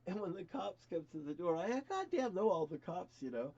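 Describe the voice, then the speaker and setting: A man's voice: high voice, big pitch swings, moderate pace, darkish tone, highs cut off. An older man rambling through a personal story, cursing freely and chuckling now and then.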